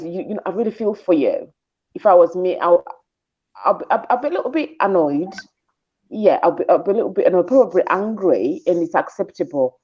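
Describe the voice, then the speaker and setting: A woman's voice: fairly low pitch, darkish tone, lo-fi sound. A woman on a video call giving casual panel comments, encouraging in tone and often repeating words as she speaks.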